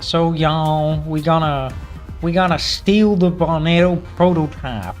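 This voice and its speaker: A man's voice: fairly high pitch, soft background music, close to an everyday voice. A man voicing a space thief with a put-on Southern US drawl, chatting through a heist. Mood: scheming. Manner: slow drawl, y'all.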